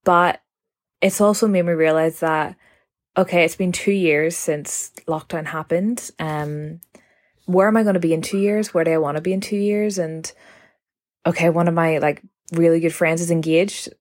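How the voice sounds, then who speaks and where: A twenty-five-year-old woman hosts her own podcast, recorded on her phone, with a lowish voice, fairly even intonation and normal speed. In this casual solo chat she rambles, leans heavily on "like" and keeps correcting herself.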